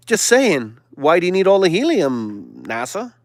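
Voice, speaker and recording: A man hosting a live stream, delivering a sarcastic, preachy monologue that now and then drops to a hushed whisper. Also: sits high, huge pitch swings, a little slow, dry recording, clean studio sound. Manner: sarcastic, mocking asides; preachy, sermon-like exhortation.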